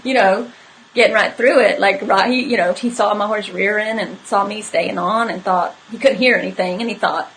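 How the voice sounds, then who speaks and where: Woman with a gravelly voice. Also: mid-range voice, steady tone, normal speed, hardly any pauses, a bit bright, slight background noise, rough recording. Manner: candid, conversational, many fillers. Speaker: horse trainer hosting a live stream. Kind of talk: casual storytelling to live viewers.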